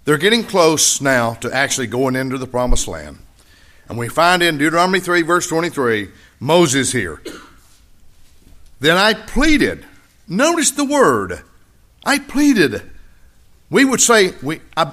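Man preaching a sermon, voice jumps all over, big emphasis then hushed, says key lines twice. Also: sing-song, measured pace. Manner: dramatic, swings from loud high emphasis to quiet low asides; repeats key phrases for emphasis. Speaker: pastor.

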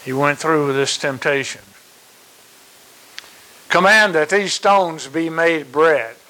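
A man delivers a sermon at an unhurried, measured pace, in a voice a little higher than most men's. He repeats key phrases for emphasis and fills his pauses with small hesitations. A faint steady hiss runs under the recording. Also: rough recording. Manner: slow and deliberate, with repeated emphasis and fillers. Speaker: preacher.

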